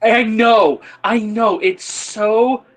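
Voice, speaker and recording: A man's voice: high-pitched, extremely slow, faint music behind, rough recording. A man chatting casually on a livestream, telling a rambling story with lots of restarts and swearing. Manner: rambling, excitable, swears freely, restarts sentences. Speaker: tabletop game player on a livestream. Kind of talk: casual chat.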